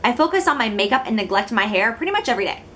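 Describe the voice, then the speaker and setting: A woman's voice: a little high, very animated, rapid-fire, a bit bright, a little hiss or hum. A young woman in her twenties, from Illinois, talking casually to the camera in a chatty, giggly, self-deprecating way. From Illinois, United States. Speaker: beauty vlogger.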